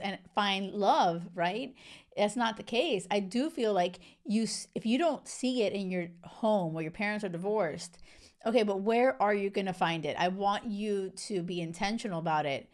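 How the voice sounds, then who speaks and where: Chatty and effusive, a young host based in Spain talks casually about a reality show, full of fillers and false starts. She speaks at normal speed with a medium-pitched voice.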